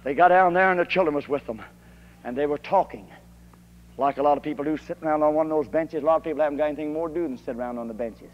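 Fiery preacher guy, kinda high voice, old dull tape, long echo in a hall. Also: rapid-fire. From Kentucky. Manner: fiery, rising to shouted emphasis. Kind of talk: old-time holiness sermon.

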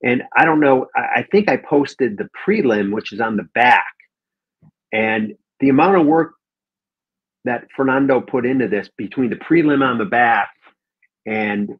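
A man's voice: medium pitch, expressive, measured pace, breathy edge, phone-quality sound. A man, a guest collector on a video call, chatting casually about comic art, enthusiastic and rambling with many ums.

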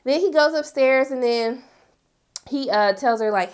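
A woman's voice: on the high side, expressive, normal speed. A woman recapping a TV episode in a casual vlog, telling it with sassy, dramatic reactions. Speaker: TV recap vlogger.

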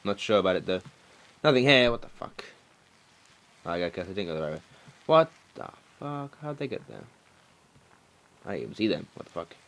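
A young man doing let's play commentary, excitable and swearing, shouting at the game. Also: low-pitched, moderate pace, pauses often. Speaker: gaming commentator.

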